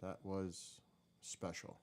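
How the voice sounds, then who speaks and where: A man's voice: sits low, completely flat delivery, slow pace, darkish tone. A man hosting a live stream, chatting casually and candidly as he reacts to old clips. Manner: rambling, candid, swears now and then.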